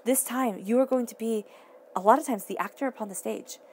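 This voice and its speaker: A woman's voice: on the high side, a little fast, darkish tone, slight background noise. A woman giving a casual tarot reading to the listener, earnest and emphatic, often restating her phrases. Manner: emphatic, talks straight to the listener. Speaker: tarot reader.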